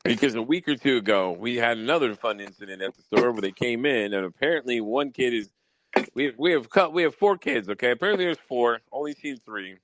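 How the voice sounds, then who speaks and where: A man hosting a podcast, telling wild work stories in a casual, profane, animated way. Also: mid-range voice, no echo, poor audio. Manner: profane, animated storytelling with mock exasperation. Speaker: podcast host. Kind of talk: casual storytelling chat.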